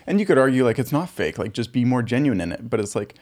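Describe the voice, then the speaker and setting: A young man in casual chat as a podcast co-host, talking quickly with many fillers. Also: medium pitch, sing-song, darkish tone.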